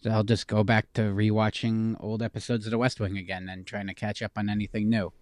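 A man's voice: fairly low pitch, level tone, brisk, a little mellow, no echo, studio quality. A man co-hosting a podcast, chatting casually with wry, joking remarks. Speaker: podcast co-host. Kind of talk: casual chat.

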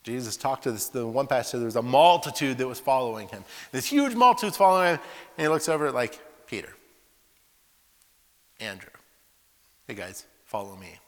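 A man preaching to young people, telling lively stories and asking rhetorical questions. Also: mid-range voice, brisk. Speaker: preacher at a youth school and camp. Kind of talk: sermon with acted voices. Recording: echoey hall reverb.

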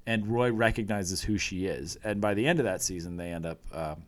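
A man's voice: low voice, fairly quick. A man in casual chat, retelling scenes from a show with eager, rambling enthusiasm.

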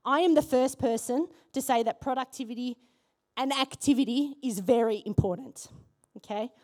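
High-voiced animated woman pastor preaching. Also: moderate pace. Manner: animated, rhetorical questions to the congregation. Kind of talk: sermon. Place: church.

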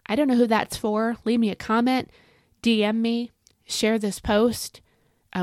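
A woman's voice: medium pitch, normal speed, no echo, studio quality. A woman hosting a casual devotional podcast from home, chatty and folksy, repeating phrases for emphasis. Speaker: podcast host and Bible teacher. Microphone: home recording.

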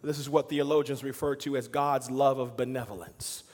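A man preaching a sermon as pastor, swinging between loud emphatic lines and quiet, hushed asides. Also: medium pitch, steady tone, normal speed, long reverb tail. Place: church sanctuary.

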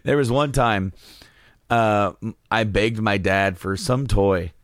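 A man's voice: fairly low pitch, slow pace, dry recording, clean studio sound. A man co-hosting a casual chat, telling stories with lots of laughs and acted-out quotes. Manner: animated storyteller, laughs often, acts out quotes. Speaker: podcast co-host.

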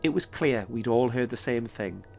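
A man telling a first-person ghost-hunting story as podcast host, in a measured, steady delivery. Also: medium pitch, gravelly, soft background music.

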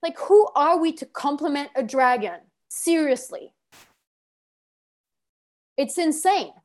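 Woman coach, high-pitched, commanding and blunt; barks short directions. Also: animated, slow. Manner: commanding, gives short orders. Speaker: workshop coach.

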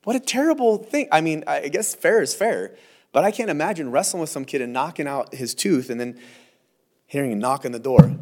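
Animated conversational male pastor. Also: on the high side, brisk. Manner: conversational, animated, with playful asides and acted quotes. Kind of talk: verse-by-verse sermon.

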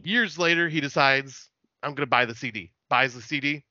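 A man's voice: medium pitch, moderate pace, sharp tone, no echo, dull audio. A man chatting casually as a podcast guest, telling stories in a laid-back way, swearing and laughing often.

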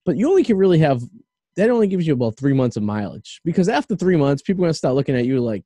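Mellow-voiced man hosting a podcast. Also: fairly high pitch, sing-song, racing, no room sound. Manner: rambling, opinionated, with lots of fillers. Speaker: podcast host. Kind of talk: casual podcast chat.

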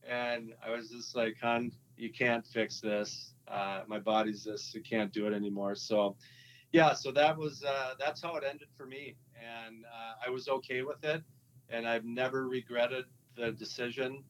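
A man, a former hockey player, telling his story in a relaxed interview, halting with many fillers and restarts, with a Minnesotan accent. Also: mid-range voice, a little hiss or hum, rough recording.

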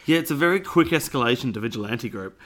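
Bright-voiced man, wry and rambling. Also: medium pitch, lively intonation, fast talker. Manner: rambling, self-correcting, wry. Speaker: podcast co-host. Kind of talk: casual chat.

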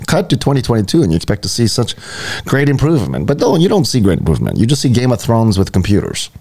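A man's voice: medium pitch, wildly swooping pitch, quick pace, a little mellow, breathy edge. A man hosting a podcast in casual chat, ranting sardonically with plenty of swearing. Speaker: podcast host.

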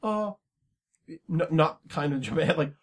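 A man's voice: fairly high pitch, a little slow. A man co-hosting a podcast, chatting casually and rambling about a movie, laughing and apologizing often. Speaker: podcast co-host. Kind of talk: casual movie-recap chat.

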